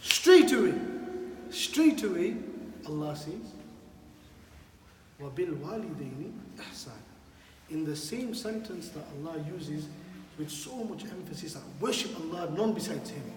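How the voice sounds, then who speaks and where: An imam preaching in a mosque hall, his fairly high voice booming with emphasis as he repeats key phrases and questions his listeners. He is heard from a distance, with a long reverb trailing each phrase and faint ambience behind. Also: lively intonation, normal speed. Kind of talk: sermon. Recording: echoey hall, from far off.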